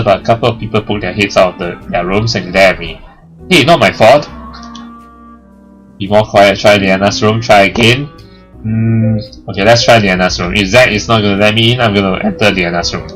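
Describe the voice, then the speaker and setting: A man's voice: on the low side, normal speed, long pauses, faint music behind. Joking man reading a game aloud. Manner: joking, laughs at the story, gets loud when excited. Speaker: let's play host. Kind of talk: reading game text aloud with casual commentary.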